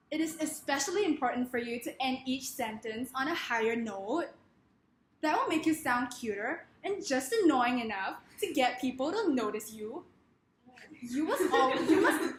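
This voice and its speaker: A woman's voice: sits high, a bit bright, slight background noise. Playful Singaporean woman giving a comic speech. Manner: playful, mock-grandiose, laughs between lines. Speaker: speaker giving a humorous talk. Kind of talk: humorous public speech. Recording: echoey room.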